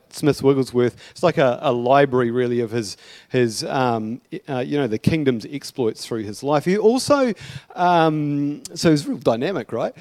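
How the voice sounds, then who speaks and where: A man's voice: mid-range voice, darkish tone, no echo. A male pastor preaching a sermon in a casual, chatty way, with asides and light humour.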